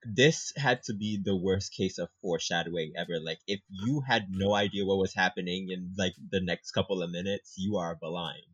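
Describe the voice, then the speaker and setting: A man with a very low, husky voice co-hosts a casual book podcast and drops wry jokes about the plot. The sound is dry and dull, as if from a cheap mic. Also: normal speed, few pauses, fairly bright tone, no echo. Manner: wry, joking asides. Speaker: podcast co-host. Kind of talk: casual book discussion chat.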